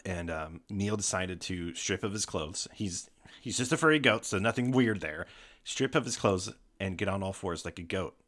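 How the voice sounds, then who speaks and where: Low-voiced guy on a podcast, animated storytelling, lots of swearing. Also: moderate pace. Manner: animated, swearing, breaks into laughter. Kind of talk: casual storytelling chat.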